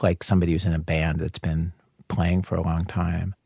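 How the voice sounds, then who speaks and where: A man in casual interview talk, quick and self-deprecating, peppering his sentences with "like." His voice has a gravelly fry at the bottom. The sound is close and dry, with no room around it. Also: sits low, level tone, mellow, dry recording. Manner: quick, laughing, full of "like" and "you know". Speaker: radio host as guest.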